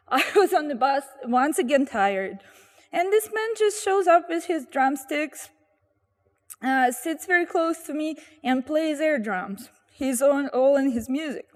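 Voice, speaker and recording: A woman telling funny anecdotes outdoors at a street corner, animated and acting out the people she quotes. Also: high voice, unhurried, in a large hall. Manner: animated, acts out quoted voices. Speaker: storyteller guest. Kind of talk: anecdotal storytelling.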